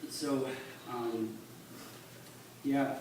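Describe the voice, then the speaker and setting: A man giving a halting, earnest personal testimony at church, recorded on a phone from the congregation. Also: mid-range voice, flat delivery, darkish tone. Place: church sanctuary. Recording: echoey church on a distant phone, noisy.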